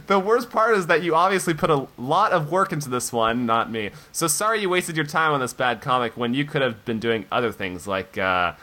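A man co-hosting a podcast, reading listener comments aloud in a mock-dramatic voice and joking casually. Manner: animated, reads in a mock-dramatic low voice. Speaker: podcast co-host.

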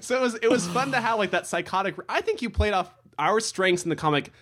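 A young man co-hosting a casual podcast, animated and joking, laughing often. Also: high-pitched, fast talker, very noisy. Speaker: podcast co-host and comic artist.

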